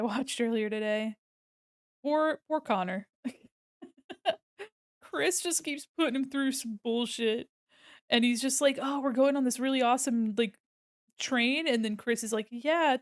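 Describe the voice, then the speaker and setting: A woman's voice: medium pitch, dry recording, clean studio sound. A young woman chatting casually to her viewers while drawing on a live stream, giggly and self-deprecating. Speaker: art streamer.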